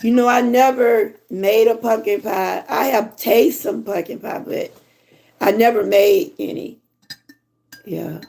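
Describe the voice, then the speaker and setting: A hoarse woman from Georgia with a Southern accent, chatting casually with her livestream viewers and reading their comments. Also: on the high side, a little mellow. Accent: Southern American. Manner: chatty, drawn-out, talks to viewers as y'all. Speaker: livestream host.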